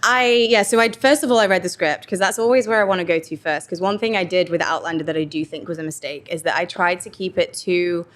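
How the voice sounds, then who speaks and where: A woman's voice: on the low side, fast, hardly any pauses. A young English woman, an actor guest, telling stories in a casual interview chat with lots of quoted asides. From England. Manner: chatty, animated storytelling with quoted asides.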